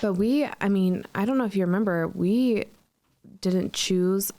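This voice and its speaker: A woman's voice: medium pitch, measured pace, warm tone. A woman hosting a podcast, telling a personal story in an earnest, emotional, reflective way. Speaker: podcast host.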